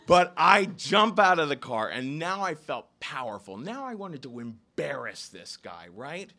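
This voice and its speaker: A man from Ohio telling a story live in a small lounge, acting out the people he quotes with sudden jumps in pitch. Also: measured pace. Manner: animated, acts out quoted voices with sharp jumps in pitch.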